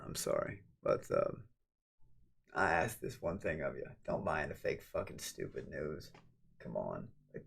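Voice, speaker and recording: A man livestreaming a late-night casual chat. He rambles and swears, and swings from low mumbles to loud, excited shouts. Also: creaky, husky.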